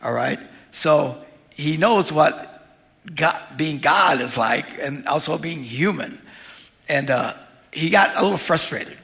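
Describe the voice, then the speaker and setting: A man's voice: a little high, animated, slow pace, creaky, a bit bright. A man preaching a sermon as pastor, talking in a conversational way with humorous asides. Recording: long reverb of a large hall.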